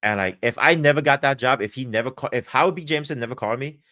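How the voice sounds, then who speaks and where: A man's voice: mid-range voice, racing, pushed and bright. A man telling a long, rambling story on a casual podcast, full of swearing and fillers. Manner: profane, rambling, many fillers. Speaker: podcast guest.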